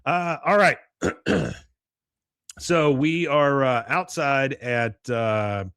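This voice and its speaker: A man co-hosting a podcast who recaps a cartoon episode in a casual way, laughing often and filling pauses with "uh". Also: mid-range voice, clear, resonant tone, no room sound, studio quality. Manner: animated, laughs often, stretches words with "uh". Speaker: podcast co-host.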